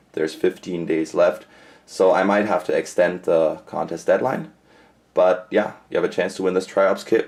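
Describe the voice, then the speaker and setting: A man's voice: deep voice, darkish tone. A young man from Germany talking casually to camera in a rambling pet update, with frequent fillers and restarts. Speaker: pet vlogger. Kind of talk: casual monthly update vlog.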